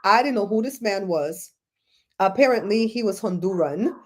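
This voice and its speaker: A Belizean woman hosting a livestream, chatting in a rambling, animated way and answering viewers' comments. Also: medium pitch, moderate pace. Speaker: show host. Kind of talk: casual livestream chat, reading comments.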